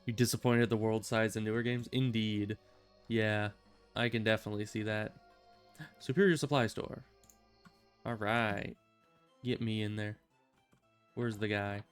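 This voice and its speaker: Casual male game streamer, smooth clear voice, faint music underneath. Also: on the low side, flat delivery, normal speed, pauses often. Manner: chatty, rambling, self-amused. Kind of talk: casual gameplay commentary.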